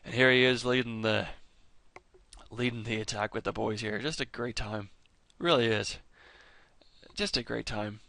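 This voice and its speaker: An excited man talks casually through a fan countdown. He rambles, restarts his sentences and corrects himself as he goes. His mid-pitched voice has a gravelly fry, and it sounds dry and close, with little room sound. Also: moderate pace, no room sound. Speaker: fan video host ranking characters. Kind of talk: casual rambling commentary over clips.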